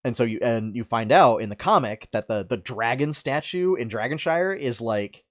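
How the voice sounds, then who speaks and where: A man's voice: medium pitch, expressive, moderate pace, a bit bright. A man co-hosting a podcast, chatting casually about video games with many fillers and restarts. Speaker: podcast co-host.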